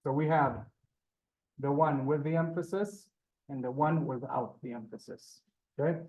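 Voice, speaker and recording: A man teaching a live beginners' Hebrew class, halting and repeating words, polite to his students. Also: fairly high pitch, a little mellow.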